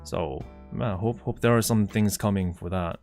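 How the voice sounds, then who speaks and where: A man chatting on a live stream, excitable and flustered, talking to his chat with many restarts. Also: on the low side, normal speed, soft background music.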